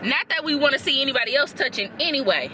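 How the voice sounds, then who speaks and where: A woman's voice: high-pitched, lively intonation, fast, background noise. A young woman chatting casually in a car for a reaction vlog, rambling and easily sidetracked. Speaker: vlogger reacting to a TV episode.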